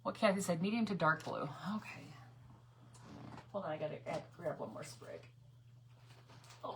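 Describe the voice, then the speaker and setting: A woman's voice: lowish voice, gravelly, noisy background. A woman chatting casually with viewers as she paints on a craft livestream, reading their comments aloud.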